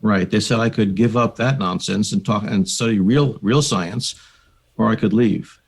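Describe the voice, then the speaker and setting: An older American man speaks in a low, gravelly voice. He talks in a measured, reflective way, like a guest psychiatrist recalling his work on a podcast. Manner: measured, reflective storytelling with occasional fillers. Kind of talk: conversational podcast interview.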